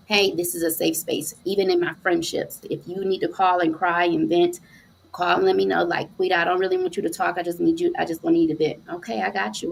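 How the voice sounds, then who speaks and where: Brief: woman podcast host, middle-aged, gravelly fry, faint hiss behind, earnest and chatty. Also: fairly low pitch. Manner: warm, earnest, with many "um"s. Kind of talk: casual live podcast chat.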